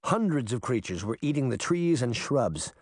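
A male audiobook narrator gives a lively, expressive reading of a storybook chapter in a mid-range voice at a moderate pace. The scripted narration is recorded dry, with studio quality.

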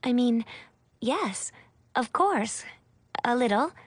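A woman voicing a confident teenage girl friend with a slow, knowing delivery. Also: on the high side, no room sound.

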